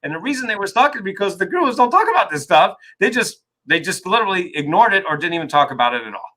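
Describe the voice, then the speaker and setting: A man's voice: high voice, sing-song, quick pace, bright, forceful tone, rough recording. A man being interviewed as an author and coach, talking emphatically and often checking in with "right?". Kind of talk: energetic interview talk.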